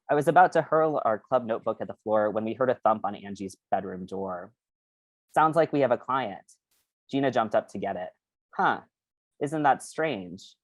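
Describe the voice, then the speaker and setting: An author reading their novel aloud at a bookstore event, then talking about writing it in a halting way with many fillers. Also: male voice, mid-range voice, dry recording.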